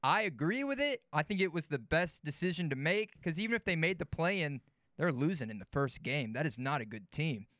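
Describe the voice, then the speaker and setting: A man's voice: fairly high pitch, a little fast, no room sound, clean studio sound. A man guesting on a sports talk show, chatting casually and telling stories with easy laughs and repeated words. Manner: relaxed, laughs easily, repeats words as he tells a story. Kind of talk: casual sports chat and storytelling.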